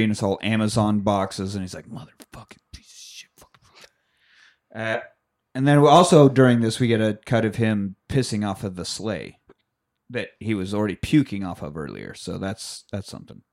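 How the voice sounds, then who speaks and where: A man's voice: on the low side, a little fast, darkish tone. A man co-hosting a podcast, casually recapping a movie and chiming in with character names and dry asides. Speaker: podcast co-host.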